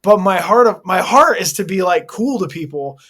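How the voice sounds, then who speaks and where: A man's voice: high voice, lively intonation, normal speed, fairly bright tone, husky. A man in his forties, a hardcore vocalist being interviewed, talking candidly in a laid-back, earnest way full of slang fillers. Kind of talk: candid casual interview talk.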